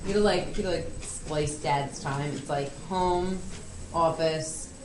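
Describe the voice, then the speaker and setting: A woman's voice: deep voice, slow pace. A young woman telling family stories in casual chat, rambling with lots of "like"s and laughing often. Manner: chatty storyteller, many "like"s and restarts, laughing often. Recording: echoey room, far from mic, noisy.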